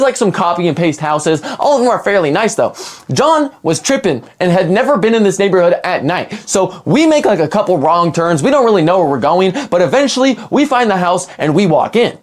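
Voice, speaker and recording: A young man casually narrating a personal story, rambling and animated, full of "like" fillers. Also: sits high, fairly quick. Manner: animated, rambling, heavy use of "like".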